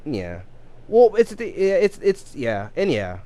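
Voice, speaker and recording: A man's voice: on the high side, huge pitch swings, unhurried, warm tone, dry recording. A man in his thirties chatting casually on a live game stream, rambling with many restarts and repeated words. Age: 30s.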